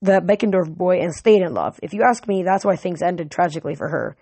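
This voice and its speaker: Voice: medium pitch, a little fast, darkish tone, dry recording, lightly acted. Reader putting on a snooty mean teen girl, sneery, talks down to everyone, dry sound. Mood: condescending. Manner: sneering, condescending. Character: snobbish mean teenage girl, cabin leader.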